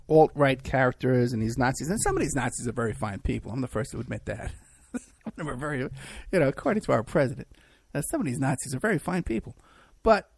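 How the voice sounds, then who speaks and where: Gravelly, mocking male talk host. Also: medium pitch, no room sound. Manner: mocking, rambling with restarts. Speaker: talk show host and private investigator. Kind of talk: opinionated talk monologue.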